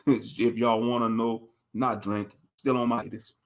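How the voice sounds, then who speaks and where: A man's voice: mid-range voice, flat delivery, a little slow. A man in his thirties giving a profane, mocking, rambling commentary on a livestream. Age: 30s.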